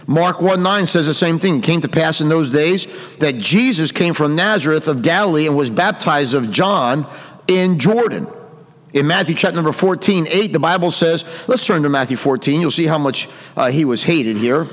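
A man's voice: a little high, expressive, moderate pace, big-room sound. A man preaching a sermon, reading King James verses aloud and commenting on them with emphasis.

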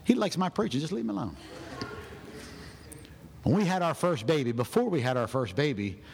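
A man preaching a sermon in a church, animated and loud, acting out people's excuses in his own voice. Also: fairly high pitch, normal speed, creaky. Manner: animated, shouting, acts out other people's excuses. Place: church sanctuary. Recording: long hall reverb in a church.

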